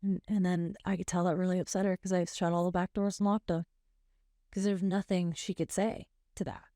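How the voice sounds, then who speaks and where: A woman's voice: fairly low pitch, flat delivery, warm tone, dry recording, clean studio sound. A young woman co-hosting a podcast, chatting casually and candidly about her own experiences and readily agreeing with her co-host. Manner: candid, relatable, quick to agree. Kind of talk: casual chat.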